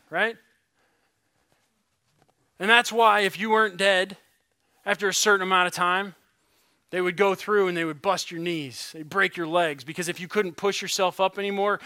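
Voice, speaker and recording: Pastor, male, high bright voice, earnest sermon delivery with hushed emphasis, dry close sound. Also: no room sound. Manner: earnest preaching, drops to a hush on key words; reads scripture slowly and deliberately.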